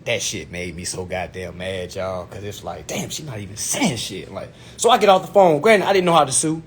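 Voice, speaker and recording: A young man telling a personal story to his viewers in an animated, profane way, repeatedly asking if they follow him. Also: lowish voice, a little fast, slight background noise. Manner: animated, profane, addresses viewers as "y'all", keeps asking "you know what I'm saying".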